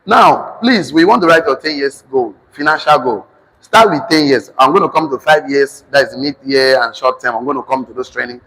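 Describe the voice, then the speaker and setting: A man with a Nigerian accent teaching a finance class, repeating each phrase slowly so students can write it down. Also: mid-range voice, fairly bright tone, in a large hall, low-quality recording. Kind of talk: classroom lecture with dictation.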